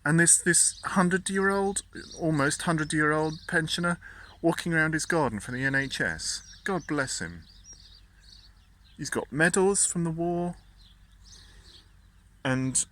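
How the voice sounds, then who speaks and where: A man venting in a casual, indignant rant. His voice is bright and forceful, and he keeps tripping over and repeating his words. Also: fairly high pitch, expressive, unhurried, long pauses. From Britain. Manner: indignant, stumbling repetitions. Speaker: vlogger.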